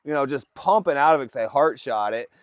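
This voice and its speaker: With a medium-pitched, expressive voice and a brisk delivery, an Alaskan host chats to his livestream audience from a fishing boat. He tells a story and voices his family members, and the phone recording is dry.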